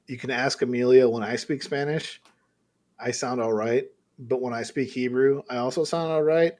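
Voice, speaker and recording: A man's voice: medium pitch, fairly even intonation, normal speed, a little mellow. A young man on a podcast who explains things eagerly with rambling asides. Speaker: podcast co-host. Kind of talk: casual chat.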